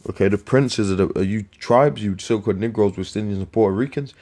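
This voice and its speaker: A man preaching scripture in a profane, scornful rant, with slang, repeated words and sudden loud outbursts. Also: lowish voice, fairly quick. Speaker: street preacher.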